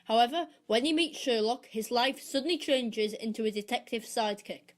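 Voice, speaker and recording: A woman co-hosting a film podcast, reading her prepared reviews and recommendations in a steady, measured way. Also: a little high. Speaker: podcast co-host.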